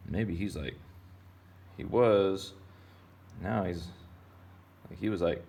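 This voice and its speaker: Low gravelly-voiced man teaching kids drawing. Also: moderate pace, long pauses, darkish tone. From Texas. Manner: rambling, playful. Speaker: art teacher. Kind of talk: casual kids' drawing lesson.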